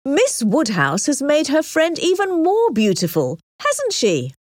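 A woman's voice: high-pitched, wildly swooping pitch, a little slow, no room sound, clean studio sound, pitched above the performer's own voice, heavily acted. A woman putting on a gushing, lovestruck vicar. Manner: gushing, sighing. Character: sentimental, lovestruck male vicar.

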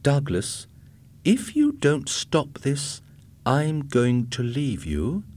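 A man reading aloud and voicing a wife who accuses her husband and then speaks in a quiet, controlled way. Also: medium pitch, sing-song, slow pace, pitched above the performer's own voice. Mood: cold. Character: anxious woman, a wife confronting husband.

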